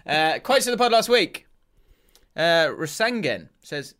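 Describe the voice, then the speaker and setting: A man's voice: a little high, very animated, a little slow, a bit bright. A man co-hosting a casual football podcast, chatty, laughing often and restarting his sentences. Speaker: podcast co-host.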